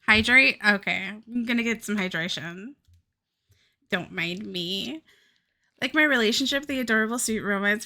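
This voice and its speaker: A woman's voice: medium pitch, normal speed, bright, forceful tone. A woman in her twenties from the American South, chatting casually with viewers as a streamer, full of "like" and swearing freely. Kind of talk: casual chat with chat.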